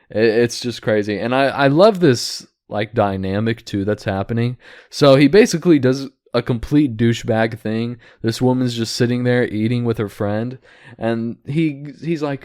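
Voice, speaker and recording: Guy ranting about a streamer, mid-pitched voice, dry close sound, lots of "like". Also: normal speed, darkish tone, dry recording. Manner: ranting, disapproving, filler-heavy with "like" and restarts. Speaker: commentary host. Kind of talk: casual reaction commentary.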